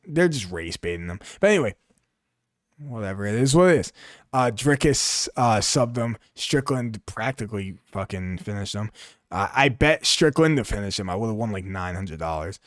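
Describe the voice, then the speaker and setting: A man's voice: on the low side, dry recording, studio quality. A young man giving blunt, profane, offhand commentary on his fighter rankings, thinking aloud as he types. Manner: profane, blunt and offhand, musing aloud while typing searches. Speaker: MMA commentary YouTuber.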